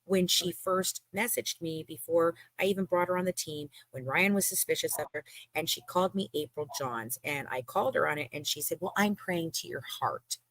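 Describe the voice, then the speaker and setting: Woman from the States, livestream co-host, profane, sarcastic, lower voice, dry close sound. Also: brisk, a bit bright, no room sound. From United States. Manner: profane, heated, sarcastic retelling. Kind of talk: casual storytelling on a live stream.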